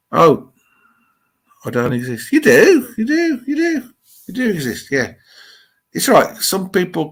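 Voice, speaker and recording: A man's voice: mid-range voice, fairly bright tone. A middle-aged man with an English Midlands accent, hosting a live stream and chatting loosely with viewers' comments, rambling as he thinks aloud.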